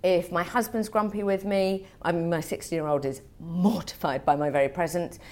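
A woman in her forties, a broadcaster chatting as a guest, self-mocking and quick to act out quotes in funny voices. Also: fairly low pitch, fairly even intonation, a little mellow. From England. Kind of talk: casual chat.

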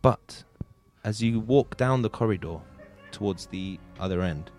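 A man's voice: lowish voice, moderate pace, a little mellow, soft background music. A man hosting and narrating an improvised tabletop game as game master, loose and full of ums and restarts. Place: podcast studio.

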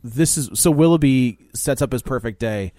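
A man's voice: mid-range voice, normal speed, mellow, no echo. A man co-hosting a casual podcast chat, retelling film scenes and laughing often. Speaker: podcast co-host. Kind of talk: casual movie review chat.

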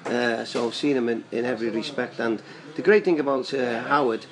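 Older fast-talking man. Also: medium pitch, steady tone, crowd noise, low-quality recording. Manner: rambling, chatty, laughing storyteller. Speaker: guest fan. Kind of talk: casual storytelling.

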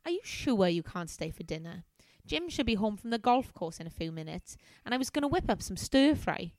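A woman voicing a lonely young office temp in a comic reading of a novel, with a soft, plaintive delivery. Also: mid-range voice, very animated, fairly quick, no echo. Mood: bright. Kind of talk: comedic reading aloud of a novel.

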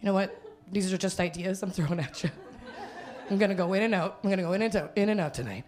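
A woman's voice: mid-range voice, quick pace, a little mellow. A young woman from Winnipeg performing a live stand-up set on a small theater stage, rambling and self-mocking, laughing through her lines. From Canada, Winnipeg. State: hungover. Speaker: stand-up comedian.

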